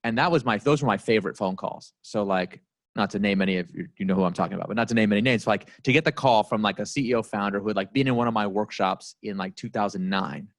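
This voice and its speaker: A man's voice: fairly low pitch, fast talker, no echo, studio quality. Chatty man telling stories to a crowd. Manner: casual, chatty, full of "like" and "you know". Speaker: guest speaker. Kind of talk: storytelling talk to a live audience. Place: company office event space.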